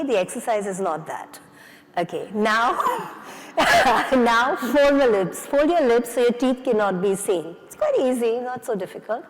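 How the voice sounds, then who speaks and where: A woman leading an audience through face yoga exercises at a conference, coaxing and playful as she gives instructions. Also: on the high side. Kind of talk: leading a live exercise session. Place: conference hall. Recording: reverberant conference hall.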